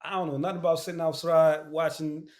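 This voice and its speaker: A man, a guest who works as an actor and audiobook narrator, talking in a casual, animated podcast chat with slangy, repeated phrases. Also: fairly high pitch, brisk. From Queens, New York.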